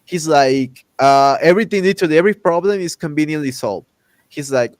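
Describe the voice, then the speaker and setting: Animated ranting man, slightly high voice. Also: brisk, no room sound. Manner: animated, acts out characters' lines in exaggerated voices; loose, repetitive restarts while ranting. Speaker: podcast host. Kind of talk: casual ranting chat.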